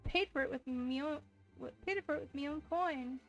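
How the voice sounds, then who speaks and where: A woman's voice: sits high, normal speed, faint music behind. A woman voicing a frightened young refugee woman who begs and stammers in a put-on Cockney accent. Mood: pleading. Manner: stammering, begging.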